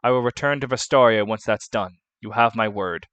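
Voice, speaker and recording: A man voicing a devoted young servant, speaking quietly and sincerely. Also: lowish voice, brisk, no room sound, natural voice.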